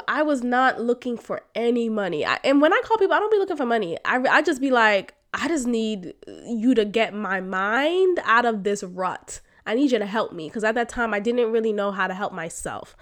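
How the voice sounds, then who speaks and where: Woman podcast host, kinda high voice, spilling a personal story, frank and slangy, gets loud and emotional. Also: fairly quick, hardly any pauses. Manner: emotional, animated, swings to loud exclamations; frank, uses slang and swearing.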